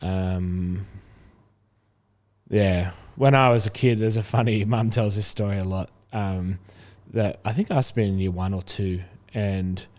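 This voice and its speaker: Young male guest, relaxed rambling chat, lower register. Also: measured pace. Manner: chatty, rambling with many fillers. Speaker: podcast guest. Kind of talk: casual chat.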